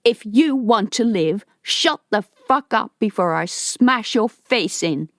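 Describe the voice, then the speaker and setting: A woman's voice: medium pitch, animated, slow, no echo, clean studio sound, pitched above the performer's own voice. A woman voicing a tough man in an audiobook who snaps curt, threatening orders. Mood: harsh commanding. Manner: harsh, snapping, commanding. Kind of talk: audiobook character voice.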